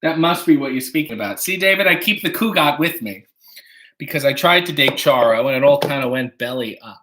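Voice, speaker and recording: A man's voice: medium pitch, lively intonation, a little fast, bright, forceful tone. A man hosting a casual livestream from his home kitchen, reading viewer donations and tossing off dry, wry jokes while making coffee. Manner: wry, dry joking asides.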